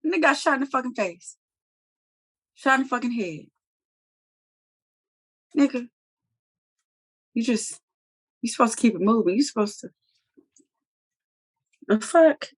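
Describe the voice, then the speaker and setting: A woman's voice: a little high, measured pace, pauses often, slightly rough. A woman co-hosting a TV review chat, retelling scenes in a blunt, profane, slangy way. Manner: animated, profane, slangy storytelling. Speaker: co-host reviewing a TV episode. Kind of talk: casual recap chat.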